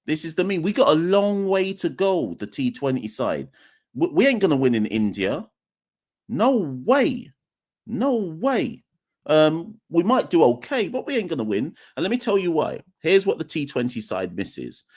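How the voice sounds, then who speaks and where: A man's voice: a little high, sing-song, normal speed, darkish tone. A man hosting a live cricket podcast, talking emphatically, repeating his points and speaking straight to the chat. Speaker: podcast host. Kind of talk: live-streamed call-in commentary.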